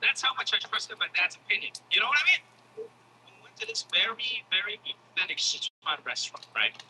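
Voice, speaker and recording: A male comedian tells a story with a high, very bright voice. His pitch swoops widely as he acts out the other characters and swears casually. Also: big pitch swings, a little fast, slight background noise, rough recording.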